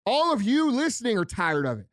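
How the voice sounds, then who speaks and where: A man rants in a high voice, swearing constantly and hammering the same point over and over. The sound is dry and close, with no room around it. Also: wildly swooping pitch, a little fast, a bit bright, no room sound. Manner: profane, heated, repeating himself for emphasis. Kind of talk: angry ranting monologue.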